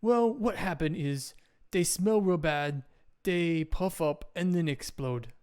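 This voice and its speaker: A man doing a simple, loyal cave troll for a tabletop game, talking of himself in the third person in short broken phrases. The voice sits a little high. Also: slow, a little mellow, clean tone.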